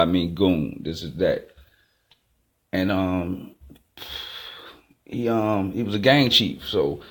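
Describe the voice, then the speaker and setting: A man telling a raw, profane life story in a casual monologue. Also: low-pitched. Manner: raw, profane street talk. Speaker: host.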